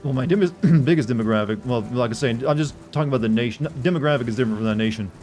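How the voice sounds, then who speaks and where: A man's voice: mid-range voice, racing, darkish tone, soft background music. Rambling man streaming a game. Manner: rambling, self-correcting, chatting with viewers. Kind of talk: casual live gameplay commentary.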